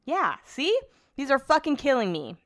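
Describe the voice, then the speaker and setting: Speaking at a normal speed in a high, very animated voice, this Californian woman runs her podcast alone. She rambles, chats freely, and swears as she goes.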